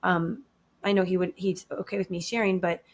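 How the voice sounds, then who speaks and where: A woman's voice: fairly low pitch, steady tone, a little fast. A woman in her thirties co-hosting a casual talk, speaking reflectively and acting out quoted lines of dialogue. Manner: reflective, acts out quoted dialogue with shifting voices. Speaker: podcast co-host. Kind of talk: casual conversational chat.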